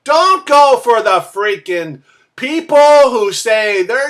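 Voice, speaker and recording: A woman's voice: fairly high pitch, animated, slow. A woman vlogger delivering an impassioned rant to camera, searching for words and repeatedly bursting into a raised, emphatic voice. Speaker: vlogger and MLM member.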